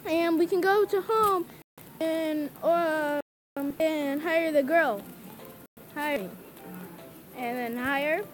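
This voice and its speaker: A woman's voice: sits high, very slow, pauses often, soft background music, low-quality recording. A woman giving casual, frantic commentary while playing a game, pleading with customers and talking herself through each step. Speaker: gameplay commentator. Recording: game sizzle and frying sounds clearly under the voice.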